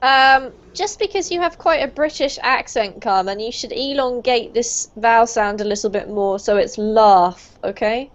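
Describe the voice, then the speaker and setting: Lady teacher on a video call, high-ish voice, encouraging, muffled lo-fi sound. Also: normal speed, hardly any pauses. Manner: encouraging, laughs often, praises each student. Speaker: online English pronunciation teacher. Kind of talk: live online group lesson. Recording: dull low-fidelity video call audio.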